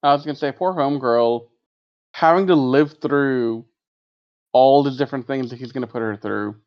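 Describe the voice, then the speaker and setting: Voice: mid-range voice, normal speed. A podcast co-host giving short reactive replies and dry remarks in casual chat. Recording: dry, dull lo-fi audio.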